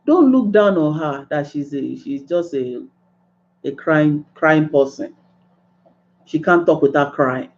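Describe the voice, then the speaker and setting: A woman's voice: sits low, lively intonation, slow, a little mellow, muffled recording. A woman giving an earnest, pleading monologue, repeating her points and rising to exclamations. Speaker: speaker giving advice. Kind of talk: impassioned monologue.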